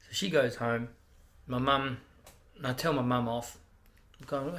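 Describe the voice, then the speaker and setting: Brash gravelly Australian man. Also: medium pitch, unhurried, pauses often, a bit bright. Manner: brash, swearing, acts out quotes. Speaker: stand-up comedian guest. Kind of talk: casual storytelling.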